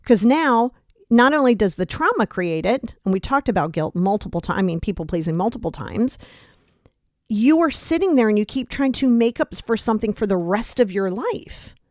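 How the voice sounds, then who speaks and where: A woman's voice: mid-range voice, lively intonation, normal speed, a little mellow, no room sound, studio quality. A woman hosting a self-help podcast, talking bluntly and emphatically, swearing casually as she coaches listeners. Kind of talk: motivational self-help talk.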